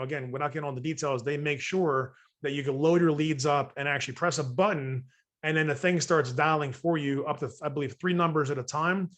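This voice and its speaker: A man's voice: on the high side, fairly bright tone. A man coaching real estate investors in a long webinar training. He jokes with his audience and acts out sample phone calls.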